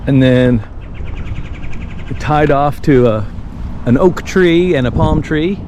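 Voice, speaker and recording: A young man talking casually to the camera about riding out a storm alone on his sailboat, animated when he tells a story. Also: on the high side, takes it slowly, slight background noise, rough recording. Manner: chatty, animated storytelling, acts out quoted voices. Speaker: sailboat vlogger. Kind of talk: casual video diary.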